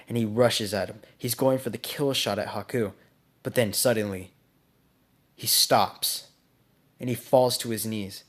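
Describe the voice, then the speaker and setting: A young man casually narrating a fan-made story, speculative and rambling, often correcting himself. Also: medium pitch.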